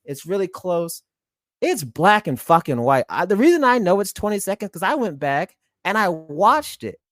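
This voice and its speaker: A man's voice: high voice, very animated, normal speed, a bit bright, no echo, clean studio sound. A man co-hosting a podcast, ranting in an exasperated, profane rush about a bad call. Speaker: podcast co-host. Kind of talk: heated ranting podcast talk.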